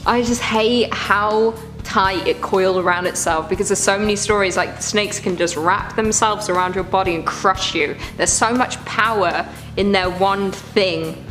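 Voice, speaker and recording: A woman's voice: medium pitch, measured pace, hardly any pauses, fairly bright tone, faint music behind. A woman hosting a reaction video, chatting casually and groaning in disgust as she rambles. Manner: squeamish, exclaiming, rambling.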